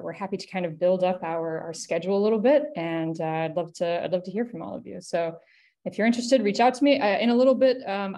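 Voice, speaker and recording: A woman's voice: mid-range voice, a little mellow. A woman hosting an online seminar, introducing the speaker in a casual, filler-heavy way over a video call. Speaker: seminar host. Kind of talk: webinar introduction.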